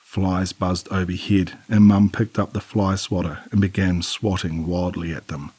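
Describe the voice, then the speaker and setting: A male narrator reads a horror story in a measured, somber way. His voice is very low and husky, and the close mic sounds dry with no room. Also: flat delivery, a little mellow, no echo. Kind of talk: scripted narration.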